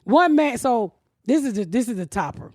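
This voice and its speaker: A woman hosting a comedy podcast, telling a profane comic story in an animated way and shouting out the quotes. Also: fairly high pitch, moderate pace, no room sound, studio quality.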